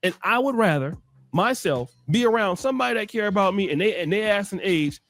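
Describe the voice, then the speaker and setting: A man's voice: high voice, expressive, fairly quick, a bit bright, no room sound, clean studio sound. A man hosting a commentary show, talking emphatically and repeating words when he gets worked up. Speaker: show host. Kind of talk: animated casual commentary.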